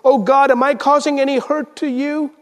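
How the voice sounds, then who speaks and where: A man preaching a sermon as pastor, swinging between loud emphasis and hushed, intense lines. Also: very high-pitched, level tone, normal speed. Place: church sanctuary. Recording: church sanctuary with long reverb.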